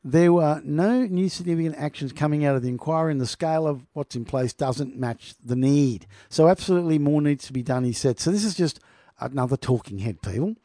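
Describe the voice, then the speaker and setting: A man's voice: a little high, lively intonation, brisk, mellow, no room sound, clean studio sound. A middle-aged man reading news aloud and mocking it, laughing often and talking to his listeners. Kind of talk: sarcastic commentary on news.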